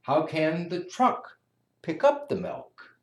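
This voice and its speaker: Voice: mid-range voice, sing-song, slow pace. A reader voicing a worried farm mother in a children's storybook read-aloud, speaking anxiously. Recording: echoey room.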